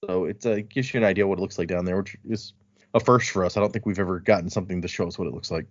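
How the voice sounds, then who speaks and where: A man's voice: deep voice, fairly even intonation, racing, no room sound. A man co-hosting a casual podcast about a book, retelling scenes and quoting the characters in playful voices. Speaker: podcast co-host. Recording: dry, muffled lo-fi audio.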